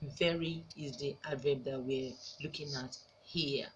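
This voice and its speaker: A woman teacher from Nigeria giving a recorded grammar lesson, slowly repeating each example sentence. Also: very deep voice, steady tone, slight background noise.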